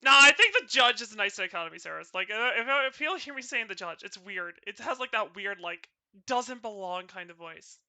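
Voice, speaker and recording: A woman's voice: mid-range voice, expressive, a little fast, sharp tone, no room sound. A woman with a North Carolina accent, chatting playfully with friends and viewers during a stream, often stumbling over her words. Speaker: VTuber streamer. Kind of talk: casual stream chat.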